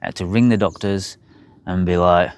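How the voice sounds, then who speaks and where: A man's voice: deep voice, steady tone, normal speed, a little mellow, smooth. A young man, bluntly telling his own health story to camera, swearing freely. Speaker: health vlogger.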